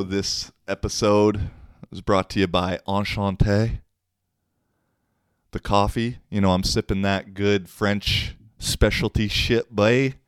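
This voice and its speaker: Slow, deep-voiced slangy podcast host. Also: male voice, clear, resonant tone, no echo, studio quality. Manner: slangy, rambling, self-mocking. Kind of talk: casual solo podcast chat.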